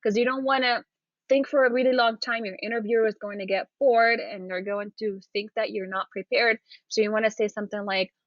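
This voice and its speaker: A woman's voice: on the high side, fairly bright tone, dry recording. Encouraging woman coach, lo-fi dry sound. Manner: encouraging, repeats "okay?" and "right?". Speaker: interview coach. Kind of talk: demonstrating to camera.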